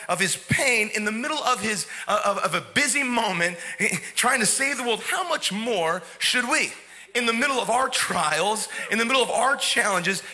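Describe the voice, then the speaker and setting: A man's voice: sits high, pushed and bright. A male pastor preaching a sermon in an emphatic way, asking the crowd rhetorical questions and often repeating words.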